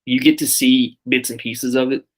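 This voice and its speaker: A man's voice: medium pitch, steady tone, moderate pace. A man co-hosting a casual podcast, describing a ride with enthusiasm. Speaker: podcast co-host.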